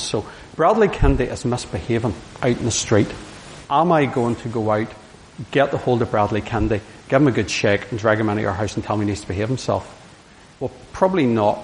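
A man's voice: mid-range voice, a little mellow. A middle-aged man giving an earnest, anecdotal sermon. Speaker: preacher. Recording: hissy hall with long reverb.

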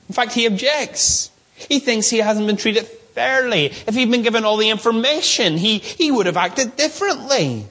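A man's voice: high-pitched, a bit bright, slightly rough. A man preaching an expository sermon, earnest and emphatic, asking his listeners questions.

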